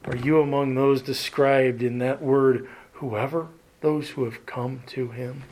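Male preacher, unhurried sermon delivery, soft trailing phrase endings, direct questions to the congregation. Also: mid-range voice, steady tone. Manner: slow, deliberate preaching that trails off softly at phrase ends; asks the listeners direct questions.

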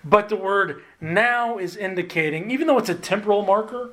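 A man preaching with a slightly high voice, earnest and emphatic, leaning on single words and drawing them out slowly. He slips in self-deprecating asides with a light touch of humor. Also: fairly bright tone. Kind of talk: sermon.

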